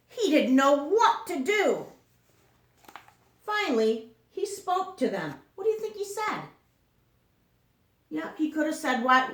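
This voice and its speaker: A woman teacher reading a picture book aloud to children, slowly, often stopping to ask them questions. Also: sits high, echoey room. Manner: slow, questioning storytime delivery.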